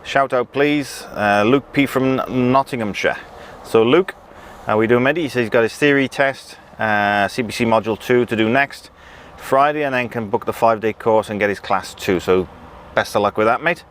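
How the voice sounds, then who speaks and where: Lorry driver vlogging from the cab, lowish voice, easy chatty delivery with fillers, faint vehicle noise behind. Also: male voice, fairly quick. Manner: relaxed, chatty, many ums and restarts. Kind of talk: casual chat reading viewer comments. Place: in and around a truck. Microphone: action camera with pocket mic.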